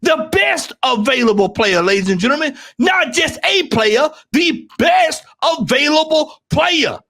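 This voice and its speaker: A man with a Southern US accent on a football fan panel, ranting heatedly and repeating himself, now and then breaking into shouts. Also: extremely high pitch, vocal fry. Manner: ranting, repetitive, rising to shouts.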